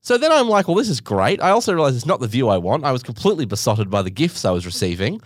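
A man's voice: medium pitch, sing-song, very fast, no echo, clean studio sound. A man telling a story in a casual monologue, dramatic and sarcastic, swearing freely.

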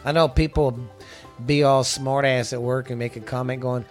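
A man's voice: medium pitch, steady tone, moderate pace. Man from Texas hosting a podcast, loose and profane, faint music behind. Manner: rambling, profane, restarts often. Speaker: podcast host. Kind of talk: casual podcast chat.

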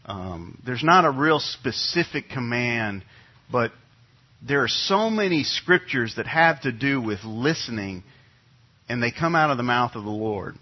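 A middle-aged male pastor tells a homely story from the pulpit, easygoing and full of little restarts. His voice is a touch husky, and it comes across a bit dull and muffled, like a church sound system. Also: medium pitch, expressive, unhurried. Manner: conversational, folksy storytelling with many restarts. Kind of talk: sermon with personal anecdote. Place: church sanctuary.

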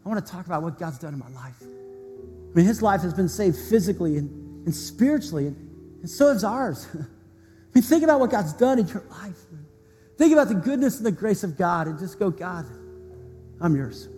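High-voiced earnest preacher in a hall. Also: male voice, lively intonation, a little fast. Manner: earnest, heartfelt storytelling. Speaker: pastor. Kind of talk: sermon with prayer. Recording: long hall reverb, soft music behind.

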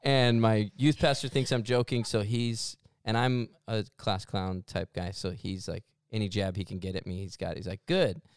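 A man's voice: fairly low pitch, level tone, moderate pace, hardly any pauses, smooth, no echo, clean studio sound. A young man, a podcast co-host, telling a rambling, self-deprecating story in casual chat and laughing often.

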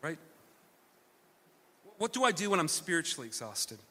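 A man's voice: fairly high pitch, big pitch swings, normal speed, sharp tone, in a large hall. A man preaching a sermon, earnest and self-deprecating, often restarting his sentences. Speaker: pastor.

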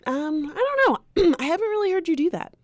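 Animated woman podcast co-host. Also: extremely high pitch, brisk, no room sound. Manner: animated, mimics people in loud squealing voices. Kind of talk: casual chat.

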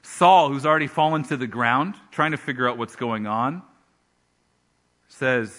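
Preacher guy telling a bible story, acts out the voices, bright forceful sound. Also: medium pitch, a little slow. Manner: animated storytelling, acting out the characters' voices. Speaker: pastor. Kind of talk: sermon.

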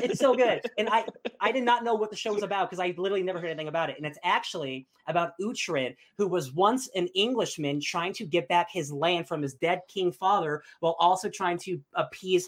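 A young man chatting casually as a podcast host, gushing and excitable with lots of fillers. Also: on the high side. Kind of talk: casual chat.

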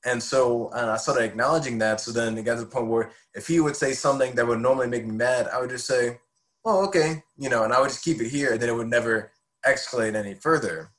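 A man's voice: mid-range voice, fairly even intonation, fast, a bit bright, poor audio. Man in his 20s, podcast guest; sincere, heartfelt telling of a personal spiritual story. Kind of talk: personal faith testimony.

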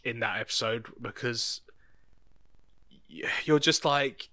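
A man's voice: mid-range voice, slow pace, long pauses, pushed and bright, dry recording. A young man co-hosting a podcast, rambling casually and dropping to a mumble at the ends of phrases. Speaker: podcast co-host. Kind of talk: casual chat.

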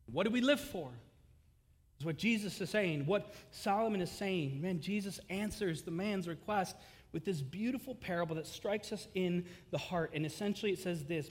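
High-voiced preacher man in a reverberant hall. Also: normal speed. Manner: impassioned, swells loud on key lines then drops low. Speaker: pastor. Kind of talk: sermon.

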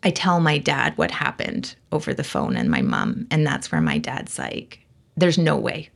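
A woman guest on an interview show, telling a personal story in an animated, expressive way full of "like" and acted-out quotes. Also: extremely low pitch, moderate pace, vocal fry. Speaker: guest, intuitive medium.

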